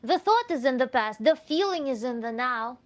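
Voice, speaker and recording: A woman's voice: sits high, moderate pace. Earnest woman with a Russian accent. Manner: animated and earnest, with restarts and light laughter. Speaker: tantra coach. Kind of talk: answering viewer questions.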